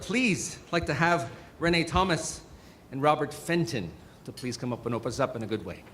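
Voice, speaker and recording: A man's voice: sits high, bright, forceful tone. A man from Northern Ontario hosting a conference, joking and rousing the crowd with call-outs. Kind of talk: energetic event hosting. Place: large conference hall. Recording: echoey hall with faint room noise.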